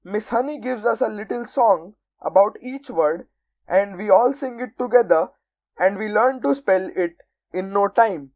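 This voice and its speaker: A woman's voice: mid-range voice, measured pace, darkish tone, dry recording. A woman reading a storybook aloud, voicing a small, nervous schoolboy eagerly explaining a classroom song. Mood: earnest.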